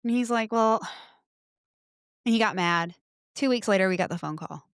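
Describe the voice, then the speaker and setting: Animated woman guest on a podcast, close dry mic, swings loud when quoting herself. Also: mid-range voice, moderate pace, smooth, dry recording. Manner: animated storyteller, bursts into loud quoted exclamations. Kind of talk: casual chat.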